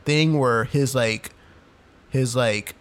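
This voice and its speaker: A young man talking loosely on a podcast, piling "like" and "dude" into a rambling story. His voice sits at an ordinary middle pitch and he keeps the tone conversational. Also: takes it slowly. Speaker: podcast co-host. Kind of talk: casual chat.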